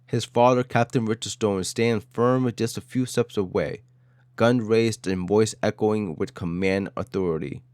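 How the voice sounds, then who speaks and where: Male story narrator, dramatic and clipped; low-pitched, dry sound. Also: a little slow, darkish tone, clean tone, dry recording.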